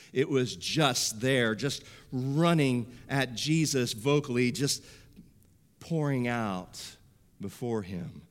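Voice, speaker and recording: A man's voice: fairly high pitch, fairly bright tone. A man preaching a sermon as pastor, emphatic and repeating phrases for effect. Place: church sanctuary. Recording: long reverb of a church sanctuary.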